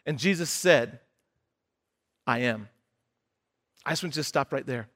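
A man's voice: a little high, quick pace, a bit bright. A man preaching a sermon, retelling a scripture story in a conversational way and acting out the characters' lines.

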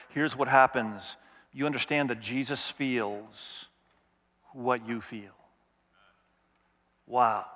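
A man's voice: medium pitch, a bit bright, long reverb tail. A male pastor preaching a sermon, reading scripture aloud and asking the congregation questions as he goes.

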